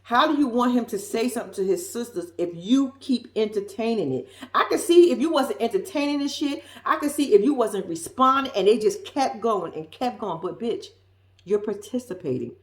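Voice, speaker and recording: A woman's voice: fairly high pitch, expressive, normal speed, roomy sound. Sassy profane woman recapping reality TV. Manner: blunt, profane and sassy, acting out quotes in exaggerated voices. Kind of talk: casual reaction commentary.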